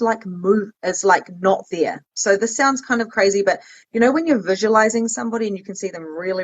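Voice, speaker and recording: Rambling, animated woman podcast host, husky. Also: medium pitch. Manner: animated, rambling, laughs often. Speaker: podcast host and spiritual coach. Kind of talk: casual conversational interview. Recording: dull lo-fi audio.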